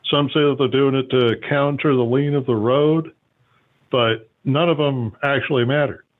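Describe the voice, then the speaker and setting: A man's voice: mid-range voice, steady tone, moderate pace. A man hosting a call-in show, explaining things at length with many fillers. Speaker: host. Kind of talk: call-in radio talk. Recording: phone-like narrow sound.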